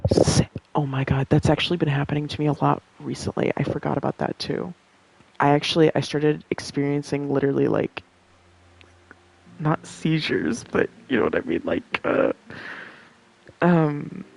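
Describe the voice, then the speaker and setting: A woman's voice: low-pitched, moderate pace, creaky, a little mellow, poor audio. A young woman rambling in casual chat, laughing often and swearing freely.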